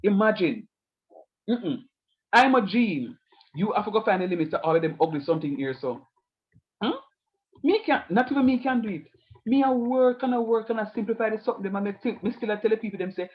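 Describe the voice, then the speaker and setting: A man's voice: high voice, animated, a little fast. Man teaching math with a lilt. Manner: patient, step-by-step explaining with playful asides. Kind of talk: online math lesson. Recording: lo-fi online class audio.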